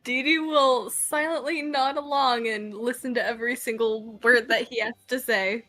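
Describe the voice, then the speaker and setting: A woman's voice: a little high, fairly even intonation, normal speed, pushed and bright, faint music behind. A woman playing a tabletop role-play game, speaking hesitantly with many ums while describing her character's actions. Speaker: player.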